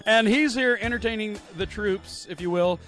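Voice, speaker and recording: A man interviewing guests at a convention for a podcast, jokey and energetic. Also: sits high, normal speed, faint music behind.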